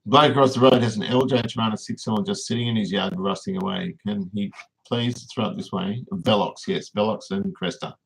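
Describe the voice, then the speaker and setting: Gravelly low Australian bloke rambling on stream. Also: male voice, a little fast, rough recording. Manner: rambling, reads chat comments aloud and answers them. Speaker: livestream host. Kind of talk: casual livestream chat.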